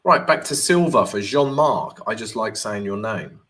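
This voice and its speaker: A man's voice: lowish voice, animated, moderate pace, a bit bright. Chatty man hosting a trading live stream. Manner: chatty, reads viewer comments aloud and answers them; upbeat greetings, talks while walking through charts. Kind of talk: casual live-stream chat.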